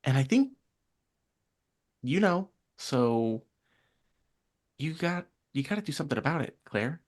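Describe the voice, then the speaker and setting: A player voicing an earnest, hard-working small-town organizer who pleads haltingly. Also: medium pitch, animated. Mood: pleading. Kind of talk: improvised tabletop role-play.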